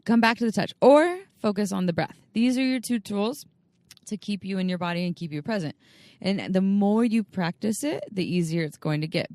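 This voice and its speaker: A woman's voice: medium pitch, normal speed, darkish tone, dry recording. A woman co-hosting a casual podcast, talking in an earnest, coaching way with frequent restarts. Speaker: podcast co-host.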